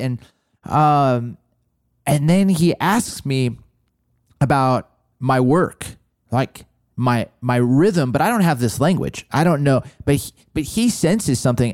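Podcast host, male, 40s, animated, stumbles and restarts, dry close mic. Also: mid-range voice, no room sound. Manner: animated storyteller, many restarts. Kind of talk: casual conversation.

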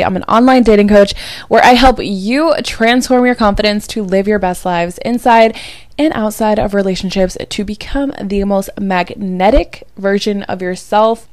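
Young woman host chatting close on a dry mic, kinda drained and low, talks emphatic and confiding. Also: darkish tone, no room sound. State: low and drained after crying. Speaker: podcast host and dating coach. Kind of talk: casual chat.

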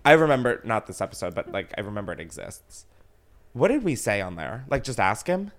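Excitable, lively male podcast host. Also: on the low side, a little fast. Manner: excitable, swears, laughs often. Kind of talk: casual podcast chat and ad read.

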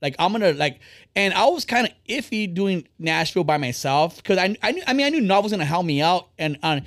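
A podcast host talking in a quick, rambling flow, blunt and freely profane. His voice sits a bit high for a man. The sound is dry and close, with no room echo. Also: lively intonation, fairly bright tone. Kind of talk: casual podcast chat.

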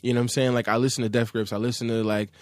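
A man's voice: medium pitch, flat delivery, racing, a little mellow, no echo, clean studio sound. A man, a rapper and producer, chatting casually in an interview, laid back and full of slang and fillers.

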